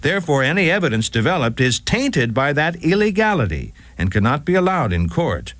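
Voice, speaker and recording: A man's voice: a little high, sing-song, fairly quick, a bit bright, no echo. A man voicing a formal male defense attorney arguing a case in a radio story. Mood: earnest.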